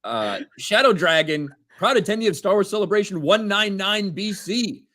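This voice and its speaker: Man, 30s, livestream co-host, reading donations, a bit high-pitched. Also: lively intonation, moderate pace, a bit bright. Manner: reads names and messages, laughs often. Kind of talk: casual livestream banter.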